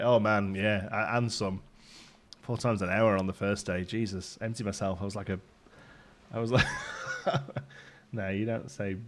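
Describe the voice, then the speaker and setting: A man in his thirties with a softened Midlands accent, hosting a game livestream in rambling, chatty talk and laughing often. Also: lowish voice. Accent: softened Midlands English. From English Midlands. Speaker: livestream host. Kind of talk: casual chat while streaming a game.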